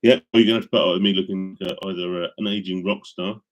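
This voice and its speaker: A middle-aged man with a deep voice chats casually with live-stream viewers through a studio microphone. He talks fast with fairly even intonation, rambling along with lots of ums and restarts.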